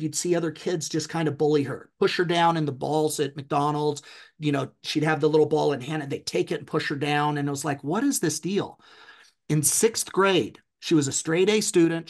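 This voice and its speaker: A middle-aged man telling a personal story as a podcast guest, with an intense, emphatic delivery. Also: on the high side.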